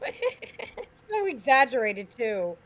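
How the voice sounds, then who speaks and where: A woman's voice: on the high side, big pitch swings, slow, a bit bright. A woman joining a casual movie commentary as a guest, joking and giggling.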